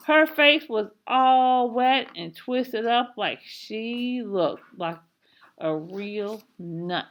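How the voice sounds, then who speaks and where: Slow, bright-voiced woman reading aloud. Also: mid-range voice. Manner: slow, expressive storytelling. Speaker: reader. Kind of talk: reading a children's novel aloud.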